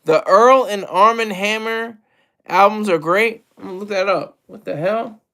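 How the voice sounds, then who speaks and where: A man with a high-pitched voice talking casually in solo hip hop commentary. He rambles, backtracks and restarts often, poking fun at himself as he goes. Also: moderate pace, fairly bright tone. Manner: rambling, self-deprecating, with many restarts.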